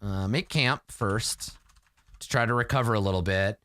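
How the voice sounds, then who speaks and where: A man narrates his solo tabletop game in the first person, rambling and emotional and stacking up fillers. His tone is bright and forward. The recording is dry and close, with no room sound. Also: on the low side, normal speed, dry recording.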